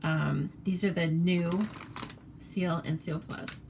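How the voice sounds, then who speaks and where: A woman's voice: deep voice, steady tone, slow pace, creaky, darkish tone, slight background noise. An American woman demonstrating papercraft cards in a casual, chatty tutorial, rambling with fillers and self-corrections.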